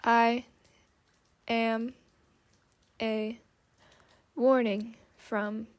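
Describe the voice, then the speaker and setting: A menacing clockwork automaton, put on by a woman reading an audiobook, that speaks in a slow, halting, whispered grind. Its words come out one by one, cold and mechanical, like faulty machinery. The delivery stays flat and even. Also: fairly high pitch, dry recording.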